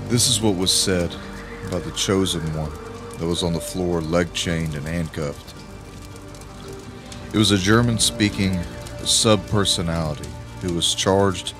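A man narrating an audiobook in a grave, emphatic way with dramatic pauses. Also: deep voice. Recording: music playing under the voice.

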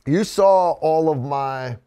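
A man's voice: on the high side, slow pace, mellow, smooth. An American man hosting a casual review vlog, joking and rambling in a folksy way. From United States. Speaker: host.

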